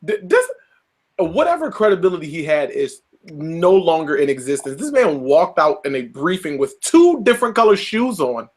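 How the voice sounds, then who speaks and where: A man co-hosting a casual talk show, animated and quick to mimic others in quotes. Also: on the high side. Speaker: podcast co-host. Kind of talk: casual chat.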